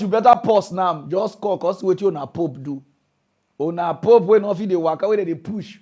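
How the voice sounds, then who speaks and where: A man with a high-pitched voice and a Nigerian Pidgin accent rants through a comedy news bit. He lectures his audience in a mocking, preachy way, and his delivery swings between loud scolding and low asides. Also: quick pace. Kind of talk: comedic rant.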